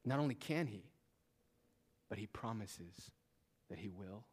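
A male pastor preaching a sermon in a church, swinging between quiet, hushed lines and raised, emphatic ones. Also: on the low side, expressive, unhurried, breathy edge.

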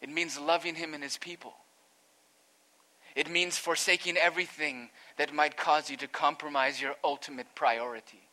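A man's voice: a little high, fairly even intonation, moderate pace, bright, forceful tone. A man, a pastor, preaching an earnest expository sermon that rises to emphatic peaks.

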